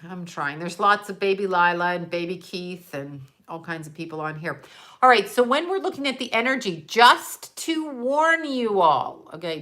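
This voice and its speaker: A woman's voice: mid-range voice, bright, forceful tone. An older woman talking casually to her viewers, rambling from one topic to the next, laughing often and swearing freely while she scrolls through photos. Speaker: psychic vlogger.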